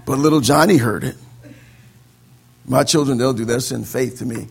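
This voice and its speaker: A middle-aged man and pastor preaching a sermon with animated delivery, quoting voices and laughing, swinging between loud emphatic declarations and quiet low asides. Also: normal speed, vocal fry, pauses often, slight background noise.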